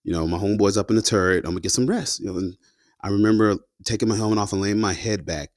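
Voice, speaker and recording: Veteran man, low voice, dry close sound, casual storytelling full of slang fillers. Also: fast talker, no room sound. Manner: loose and slangy, peppered with "you know" and "man". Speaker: combat veteran guest telling his story.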